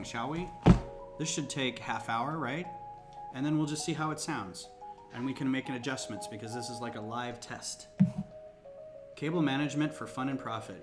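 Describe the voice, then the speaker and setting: A chatty man hosts a casual live stream from a home table, close on a desktop microphone. His voice sits at a middle pitch, and he talks his way through each step with jokey asides while ambient music plays behind him. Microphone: desktop USB microphone close to the speaker. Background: ambient music from a laptop.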